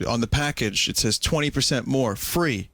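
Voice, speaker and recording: A man's voice: mid-range voice, moderate pace, fairly bright tone, no echo. A man hosting a podcast, talking in a dry, ironic, mock-serious way. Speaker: streamer and podcast host. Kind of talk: sarcastic comedic chat.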